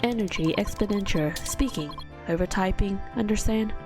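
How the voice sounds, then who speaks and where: A woman voicing a terse masked male bomb expert who talks through typed synthesized speech, in clipped, flat phrases, with game music behind. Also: medium pitch, moderate pace, lightly acted. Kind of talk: reading game dialogue aloud on stream.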